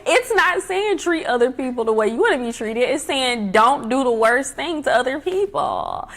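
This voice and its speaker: A woman's voice: sits high, expressive, moderate pace, hardly any pauses. A woman hosting a casual livestream from home, giving life advice in an emphatic, chatty way and repeating her key points. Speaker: livestream host.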